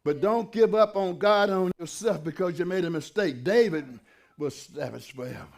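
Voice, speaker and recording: A man preaching a sermon as pastor, fervent and conversational, building to shouted peaks with folksy asides. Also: sits high, normal speed, creaky.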